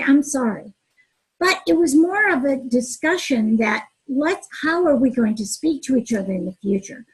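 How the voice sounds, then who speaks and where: High, breathy-voiced middle-aged woman. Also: low-quality recording. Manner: earnest, expressive storyteller who acts out dialogue. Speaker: mediator and relationship author. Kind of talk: interview answers with personal anecdotes.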